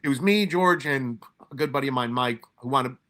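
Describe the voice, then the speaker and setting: A man raised in New York tells his stories casually, stumbling over restarts and swearing freely. His voice is bright and forceful. He acts out his own lines and those of others as he goes. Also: medium pitch, brisk. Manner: profane, animated retelling with many restarts and quoted asides. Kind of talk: casual storytelling.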